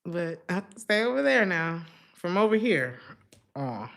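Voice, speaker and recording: A woman's voice: on the low side, very animated, moderate pace, creaky, fairly bright tone. A woman giving a casual tarot reading to her viewers, chatty and slangy, laughing often between her thoughts. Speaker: tarot reader.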